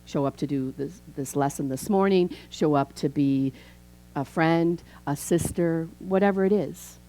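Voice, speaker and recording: The recording is low-quality, but you can hear a woman minister from Chicago, in her fifties, talking at a measured pace in a low, mellow voice. Her sermon is chatty, built on stories and dialogue she acts out.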